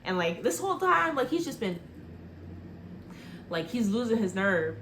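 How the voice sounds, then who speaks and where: A woman's voice: on the high side, big pitch swings, unhurried, a bit bright, slight background noise. Rambling chatty woman retelling a movie. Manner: rambling, heavy use of "like" fillers.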